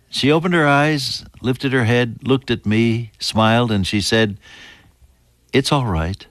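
A man's voice: fairly low pitch, no room sound. Older male preacher, dry close sound. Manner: swells loud on scripture and drops to near whispers. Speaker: pastor. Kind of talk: sermon.

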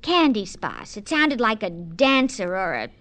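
An actress playing a prim, suspicious wife in a 1950s radio ad sketch. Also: female voice, mid-range voice, wildly swooping pitch, measured pace, fairly bright tone, no echo, heavily acted. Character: prim, suspicious wife pushing savings bonds.

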